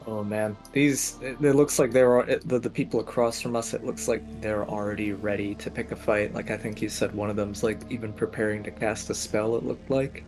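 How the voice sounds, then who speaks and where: Flat-voiced man playing a tabletop game. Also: lowish voice, brisk, hardly any pauses, soft background music. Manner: describes his character's actions plainly. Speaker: player. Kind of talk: casual tabletop play.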